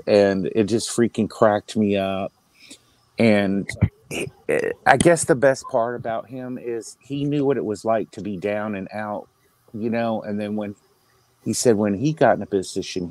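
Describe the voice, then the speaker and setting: A man's voice: lowish voice, a little mellow, dry recording, poor audio. A man speaking in a casual online panel chat, paying an emotional tribute and often stopping and restarting as he talks. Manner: halting, emotional, with many restarts.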